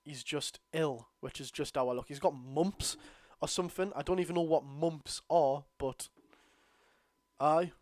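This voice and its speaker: A tired Geordie man hosting a live football watchalong, bursting out at the referee and grumbling low between plays. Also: unhurried, no room sound. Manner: excitable outbursts at the referee, then low grumbling asides. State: tired, yawning. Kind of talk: live football watchalong commentary, reading chat.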